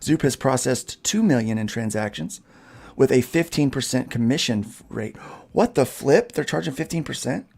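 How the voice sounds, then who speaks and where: A man's voice: mid-range voice, expressive, moderate pace, creaky, darkish tone. A man hosting a casual podcast, reading an article aloud and breaking in with his own asides. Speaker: podcast host.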